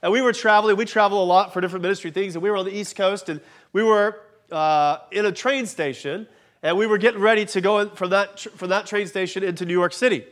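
A man in his forties preaches in a high, light voice. He tells a personal story in a chatty, self-deprecating way and laughs as he goes. He sounds a bit congested from allergies. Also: fairly even intonation, fast, a bit bright. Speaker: pastor.

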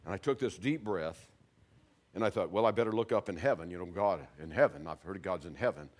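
An older man shares his testimony before an audience. His pitch rises and falls in lively swings. He drops to a hush and then bursts out loud as he talks. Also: a little fast. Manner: animated storyteller, swings from hushed to loud. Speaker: speaker giving testimony.

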